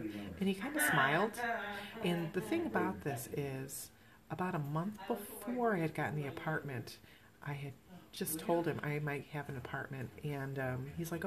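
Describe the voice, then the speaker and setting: A middle-aged woman hosting a podcast, telling a personal story in an emotional, halting way with many restarts. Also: low voice, lively intonation, a crowd in the background. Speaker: podcast host.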